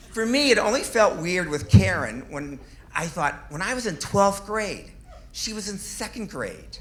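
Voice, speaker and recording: A man's voice: on the high side, very animated, unhurried, sharp tone. A man in his fifties doing a stand-up comedy set on a club stage, delivering self-deprecating punchlines with little chuckles.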